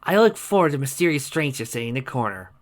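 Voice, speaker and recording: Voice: mid-range voice, sing-song, fast talker, close to an everyday voice. A reader doing a sulky sarcastic halfling. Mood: sardonic. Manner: sardonic, sulky. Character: grumpy, sarcastic male halfling necromancer.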